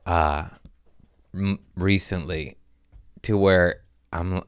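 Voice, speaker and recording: A man hosting a casual comedy podcast, rambling and animated, slipping in and out of goofy voices. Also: low voice, extremely slow, clear, resonant tone, no echo. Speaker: podcast host.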